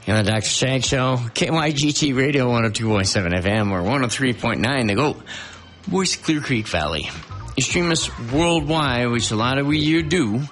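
A man's voice: medium pitch, moderate pace, faint music behind. A man hosting a local radio show, chatting casually and reading off station plugs. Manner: relaxed, plugs stations and links. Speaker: radio host.

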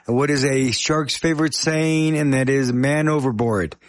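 A man hosting a radio music show, talking casually in a scratchy, hoarse voice while fighting a chest cold and coughing now and then. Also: mid-range voice, a little slow. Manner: chatty, self-deprecating, apologetic.

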